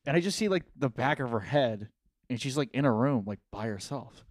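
A man's voice: mid-range voice, lively intonation, fairly quick, dry recording. A man hosting a podcast, telling a party story in casual chat, often laughing, swearing and acting out what people said. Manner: laughing, swearing, acts out quotes. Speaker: podcast host.

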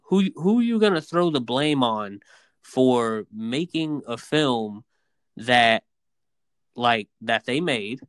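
A podcast co-host in a casual debate chat speaks in an animated, emphatic way and repeats himself when getting started. His medium-pitched voice is slow and clean, recorded dry.

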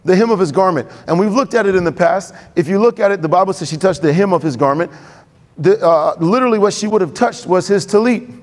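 A man with a high voice delivers a sermon in a lively, conversational way. He throws questions to the congregation and picks up speed as he goes. His words carry a long reverb from the church hall. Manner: conversational, quick and animated, asks the congregation questions. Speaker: pastor. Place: church sanctuary.

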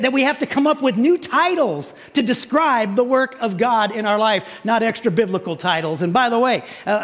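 A man with a high voice preaches to his congregation, casual and joking as he explains things. His voice rings with the long reverb of a large hall. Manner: jokey, conversational preaching with playful sound imitations. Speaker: pastor. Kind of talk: sermon. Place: church sanctuary.

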